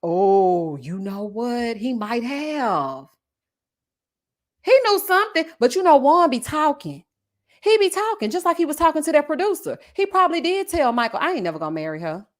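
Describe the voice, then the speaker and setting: A sassy woman hosting a casual live stream and reading her viewers' comments aloud. She talks in a fairly high voice with a lively, swooping pitch. She laughs often and slips into playful voices when she quotes people. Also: normal speed. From Texas.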